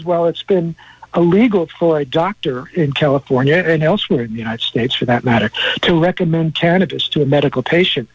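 A man's voice: fairly high pitch, slightly rough, no echo, muffled recording. A man speaking as an interview guest, explaining in a hesitant way with many fillers and restarts over a remote line. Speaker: guest, cannabis news editor.

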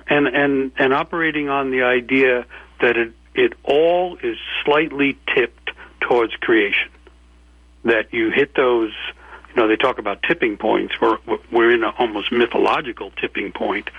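A man from New York, speaking as an author and guest in a measured, mythic storytelling tone. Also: medium pitch, steady tone, vocal fry, slightly rough, dry recording. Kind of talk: reflective interview talk. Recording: tinny phone-line audio.

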